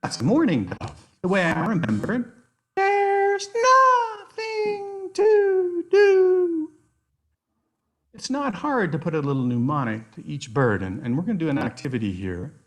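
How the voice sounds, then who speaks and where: A man presenting an online workshop on nature activities, enthusiastic and given to animated storytelling. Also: medium pitch, fairly quick, few pauses, a little hiss or hum. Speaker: outdoor educator, workshop presenter.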